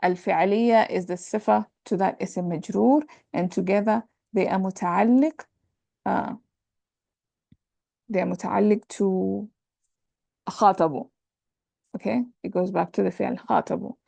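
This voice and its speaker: A woman teacher walks students through Arabic grammar, patient and repetitive, mixing English with Arabic terms. Her voice has a gravelly edge. The sound is dry and close, with no room echo. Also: mid-range voice, fairly quick, long pauses, warm tone. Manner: explains patiently, repeats terms, checks understanding with "right?". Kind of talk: lecture on Arabic sentence parsing.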